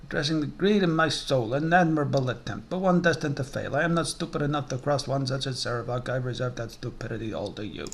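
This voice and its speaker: A man's voice: medium pitch, vocal fry, slight background noise, close to an everyday voice. A man putting on a smug Italian American commander. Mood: menacing. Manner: slow, menacing, dry sarcasm. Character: cold, smug middle-aged male commander and judge.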